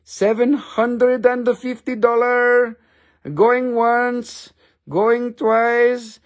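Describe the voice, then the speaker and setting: A man's voice: very high voice, little pitch movement, extremely slow, voice pushed up, exaggerated voice. A man doing a pushy broken-English gem seller. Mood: hard-selling. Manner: hard-sell patter in clipped broken English. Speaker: host of a live crystal sale. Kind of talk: live-stream sales comedy.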